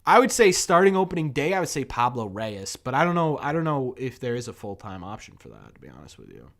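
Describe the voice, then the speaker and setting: A man's voice: mid-range voice, big pitch swings, fast talker, a bit bright. A man hosting a live fan show, chatting casually with viewers, thanking them and answering their questions. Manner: talks to the chat, reads off gifted subs; conversational, hedging. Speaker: host of a fan livestream. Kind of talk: casual livestream chat.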